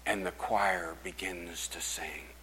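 An older man preaching a sermon as pastor, telling a story and swinging from loud proclamation to hushed whispers. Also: sits low, fairly even intonation, takes it slowly, long reverb tail, a little hiss or hum, rough recording.

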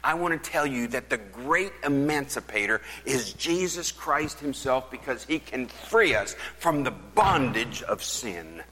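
Older male pastor, sermon, forceful husky voice, long church reverb. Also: mid-range voice, sing-song, measured pace, hardly any pauses. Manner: swings from loud preaching to hushed whispers. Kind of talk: sermon storytelling.

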